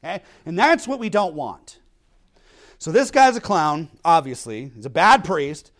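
A man's voice: fairly high pitch, lively intonation, measured pace, fairly bright tone. A male pastor preaching a sermon in a blunt, emphatic way, often checking in with "okay?".

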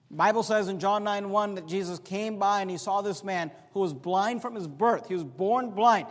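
A man preaching a sermon as a pastor, swinging from loud emphatic peaks to low quiet asides, with some sarcasm. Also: moderate pace, few pauses, in a large hall.

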